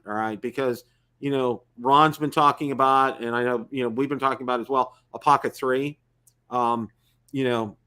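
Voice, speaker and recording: A man's voice: medium pitch, a bit bright. A man hosting a live-stream talk show about drones, rambling with many fillers and restarts. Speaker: host.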